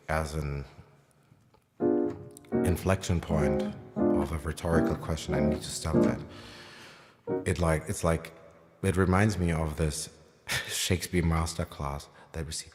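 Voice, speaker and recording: A man with an extremely deep, low voice gives a relaxed livestream piano lesson from home late at night, wandering through his thoughts with plenty of fillers. His voice rings with a long reverb, and a piano plays clearly behind him. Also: measured pace, long pauses. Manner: rambling, thinking aloud with many fillers; self-described as loud when excited. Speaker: piano teacher streaming live. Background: piano playing.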